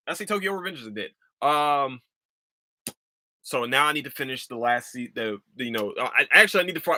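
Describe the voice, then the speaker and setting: A man hosts his solo podcast in a bright, forceful voice, close and dry with no room around it. He rants with plenty of swearing, jumps up in pitch when worked up, then laughs it off and drifts into easy chat. His voice is starting to wear thin. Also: no echo. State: voice starting to give out. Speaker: podcast host. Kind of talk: casual solo podcast monologue.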